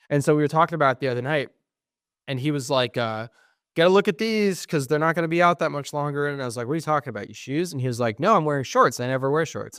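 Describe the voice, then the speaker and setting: A man's voice: medium pitch, a bit bright, no echo, clean studio sound. A young man co-hosting a podcast, telling stories in casual chat, quoting others and swearing often. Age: young adult. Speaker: podcast co-host.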